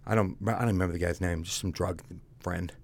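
A man with a very deep voice and plenty of gravelly fry tells his story as a guest. He talks bluntly and conversationally, tossing "dude" at the host. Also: fairly even intonation, brisk. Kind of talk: casual candid storytelling.

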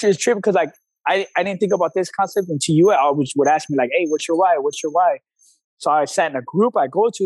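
Male coach guest, high-pitched, blunt storyteller with slang, recorded dry and close. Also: a little mellow, dry recording, rough recording. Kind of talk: casual interview talk.

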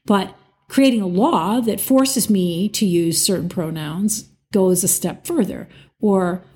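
A woman in casual conversation, talking earnestly with quick hesitant restarts. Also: medium pitch, a little mellow. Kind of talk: casual chat.

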